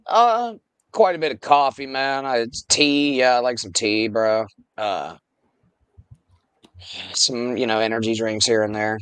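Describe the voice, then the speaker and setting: A man's voice: medium pitch, measured pace, pauses often, fairly bright tone, clean tone, dry recording. A man chatting casually and laid-back on a podcast, swearing often. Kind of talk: casual chat.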